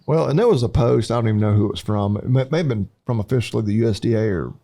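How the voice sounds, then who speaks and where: Gravelly Southern American man telling stories. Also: medium pitch, racing, mellow. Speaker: podcast co-host. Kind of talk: casual podcast chat.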